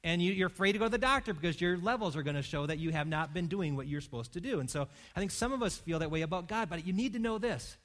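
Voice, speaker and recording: A male pastor preaching a conversational sermon in church, swinging between loud emphatic lines and hushed quiet ones. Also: high-pitched, quick pace, few pauses.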